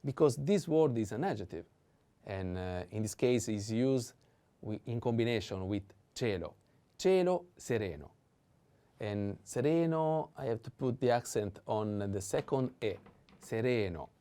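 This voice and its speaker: A man with an Italian accent teaching vocabulary in a slow, patient way, repeating each word three times and pausing on hesitant fillers. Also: medium pitch, mellow.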